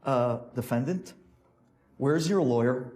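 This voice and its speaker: A man's voice: medium pitch, slow, a little mellow, lightly acted. A man voicing a stern courtroom judge who scolds the defendant. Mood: formal.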